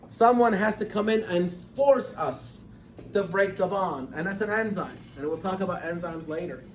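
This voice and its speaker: A man with a high voice lectures a chemistry class, pressing his points with emphatic, animated repetition. He is picked up from across an echoey classroom, so he sounds roomy and distant over faint background ambience. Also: moderate pace. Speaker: chemistry teacher.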